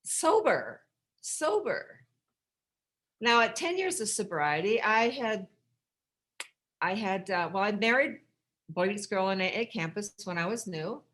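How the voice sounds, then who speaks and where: A middle-aged American woman speaking at a recovery workshop, telling her own story in a candid, rambling way with dark humor and many restarts. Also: medium pitch, lively intonation, normal speed. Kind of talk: personal storytelling share.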